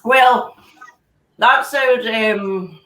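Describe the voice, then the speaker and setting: Bright-voiced woman hosting a casual whisky tasting on a video call, recorded from across an echoey room. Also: on the high side, very slow. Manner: chatty, laughs often, trails off mid-sentence. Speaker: host of an online whisky dinner. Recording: echoey room, distant mic, faint noise.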